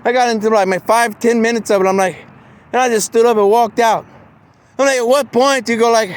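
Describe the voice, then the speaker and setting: A man's voice: extremely high pitch, fairly even intonation, fairly quick, clean tone. A man in a meandering, casual monologue who keeps saying "man" and "you know" and acts out the voices he quotes.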